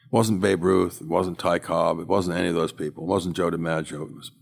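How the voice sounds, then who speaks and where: Deep gravelly older man telling stories. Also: brisk. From United States. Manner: animated storyteller, acts out quotes. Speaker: guest, former auctioneer. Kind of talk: anecdotal storytelling interview.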